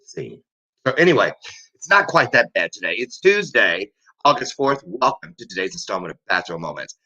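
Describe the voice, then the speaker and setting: Bright-voiced joking man in his fifties. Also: on the low side, very animated, normal speed, rough recording. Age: over 50. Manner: rambling, joking, laughs often. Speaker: host. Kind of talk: casual chat show monologue.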